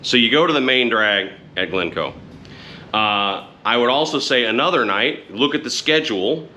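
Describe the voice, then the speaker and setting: Bright-toned rambling middle-aged man. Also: medium pitch, lively intonation, normal speed, slight background noise. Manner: rambling, frank, self-correcting with restarts. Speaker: motorcycle vlogger. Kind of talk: casual chat to camera.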